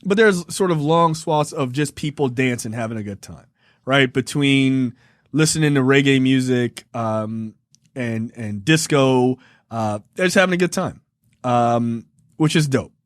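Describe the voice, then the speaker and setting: Man in his forties, podcast film reviewer, profane, laughing, animated retellings, middle-pitched voice, dry close sound. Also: a little slow, no echo. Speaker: podcast co-host. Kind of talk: casual film review chat.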